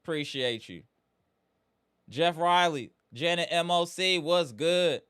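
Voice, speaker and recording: Fan-stream host, man, frustrated and chatty, slightly high clear voice. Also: slow, a bit bright. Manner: hype, greets chat by name, frustrated. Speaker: livestream host. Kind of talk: live sports fan stream chat.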